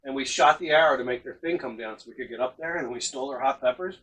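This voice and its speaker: A man's voice: medium pitch, rapid-fire, a bit bright. A man co-hosting a casual comic podcast, goofy, crude and rambling. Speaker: podcast co-host. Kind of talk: casual comic-shop banter. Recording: distant mic with faint noise.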